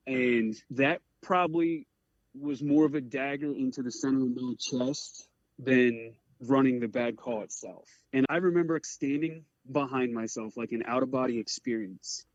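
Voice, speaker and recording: An earnest male career firefighter from the Eastern Shore of Maryland tells his story candidly on a podcast, halting often and filling gaps with "like." His voice is medium-pitched, and the dry, muffled recording has no echo.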